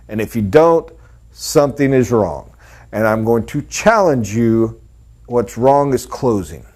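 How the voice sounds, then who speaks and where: A man's voice: medium pitch, a little mellow. Folksy middle-aged man with Texas accent. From Texas and Oklahoma. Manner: folksy storytelling, acts out customers' voices. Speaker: sales trainer. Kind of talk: sales training talk.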